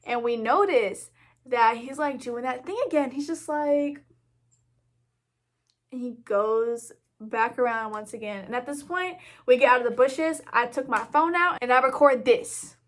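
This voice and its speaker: Young woman, vlogger, storytime, chatty, animated, filler words, slightly high voice. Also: normal speed. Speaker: YouTuber. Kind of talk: storytime vlog.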